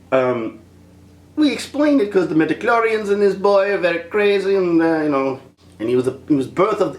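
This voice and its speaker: A man's voice: medium pitch, echoey room. A man giving a rambling, casual film review, laughing often and slipping into impressions.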